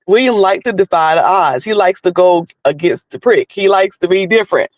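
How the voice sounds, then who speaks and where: A man's voice: high-pitched, normal speed, no echo, poor audio. A man with a North Carolina Southern accent, chatting casually on a livestream while driving, rambling with many restarts. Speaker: livestream host. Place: in a car.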